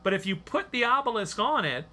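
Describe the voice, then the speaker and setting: A man's voice: high voice, big pitch swings, brisk, sharp tone. A man hosting a podcast, giving a casual, rambling spoken review with plenty of fillers. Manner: chatty, rambling, many fillers. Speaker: podcast host.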